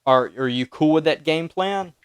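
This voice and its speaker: A man running a tabletop role-playing game as keeper, talking in a halting way with many fillers. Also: a little high, clear, resonant tone, no echo. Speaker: game master.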